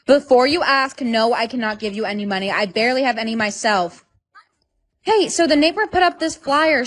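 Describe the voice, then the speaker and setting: Slightly high synthetic woman's storytime voice. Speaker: storytime voice for all side characters. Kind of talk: text-to-speech storytime.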